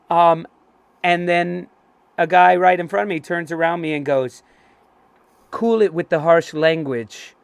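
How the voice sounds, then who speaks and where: A man co-hosting a casual fan talk show, telling stories excitedly, swearing freely and acting out what people said. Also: sits high, moderate pace, clear, resonant tone, no room sound. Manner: excitable, swears freely, acts out quoted voices. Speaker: co-host. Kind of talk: casual chat, animated storytelling.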